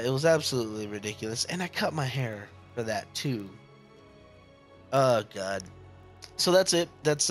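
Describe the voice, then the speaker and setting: A man casually telling a rambling personal story to his viewers, full of fillers and swearing. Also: mid-range voice. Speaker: vlogger.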